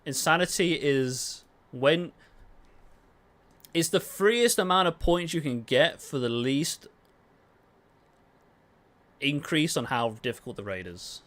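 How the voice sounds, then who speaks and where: This young streamer speaks at a measured pace with a medium pitch and long pauses, casually chatting with his viewers and answering their questions while he plays. He's relaxed and swears now and then.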